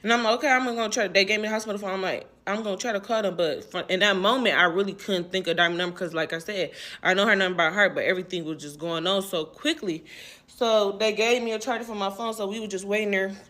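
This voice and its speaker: A young woman shares her own painful story in casual, emotional talk, rambling, repeating herself and using lots of fillers. Her mid-range voice is fairly bright and steady in tone, and she speaks quickly.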